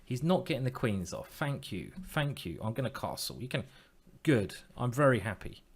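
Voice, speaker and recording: A man's voice: medium pitch, very animated, moderate pace, breathy edge. A man streaming online chess, thinking aloud in a playful, self-mocking way and teasing his opponent.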